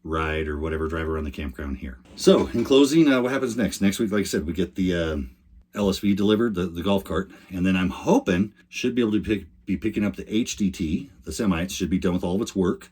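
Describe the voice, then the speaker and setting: A man's voice: sits low, fast talker, darkish tone, slightly rough. An older man chatting casually to camera, telling a rambling story with many restarts. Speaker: RV lifestyle vlogger.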